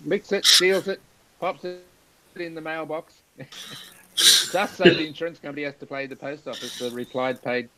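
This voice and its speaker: A man's voice: on the high side, fairly even intonation, normal speed, long pauses, bright, forceful tone, poor audio. Chatty man hosting a live video chat. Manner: chatty, laughs through anecdotes. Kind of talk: casual chat, storytelling.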